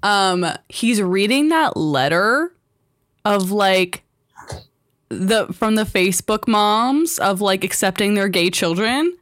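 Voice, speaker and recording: A woman's voice: mid-range voice, takes it slowly, dry recording, clean studio sound. A young woman co-hosting a podcast, talking casually and expressively. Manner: gushing, expressive, casual swearing. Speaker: podcast co-host. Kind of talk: casual chat.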